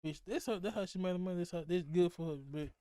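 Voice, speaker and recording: Fast-talking young Mississippi man. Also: sits high, mellow, clear, resonant tone, no room sound, clean studio sound. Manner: fast-talking, laughs often, profane. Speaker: podcast host. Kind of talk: casual podcast chat.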